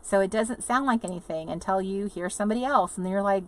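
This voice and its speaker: In a medium-pitched voice and at a quick pace, a woman hosts a casual livestream inside an RV. She rambles, laughs often, and reads viewers' comments aloud as she chats with them.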